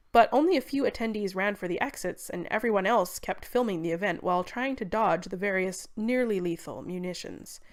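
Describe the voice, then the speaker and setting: A woman narrating a scripted story in a wry, irreverent way. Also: medium pitch.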